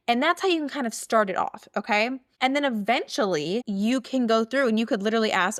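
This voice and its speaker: A woman hosts a casual solo podcast, talking chattily in a voice on the high side. She speaks briskly with hardly any pauses, filling her speech with "like" and "okay?" checks.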